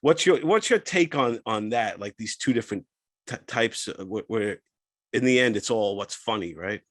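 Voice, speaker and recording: A man hosting a casual interview, halting and stammering, eager and enthusiastic. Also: fairly low pitch, animated, a bit bright, dry recording. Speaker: podcast host.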